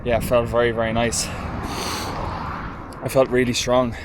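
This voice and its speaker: Irish man, running vlogger, excitable and sweary, casual chat to camera, flat delivery, loud car and street noise behind. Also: medium pitch, slow. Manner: chatty, excitable, swears freely, keeps addressing the viewers as lads. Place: in a car and outdoors in a park while running. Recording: loud background noise from car and outdoor traffic.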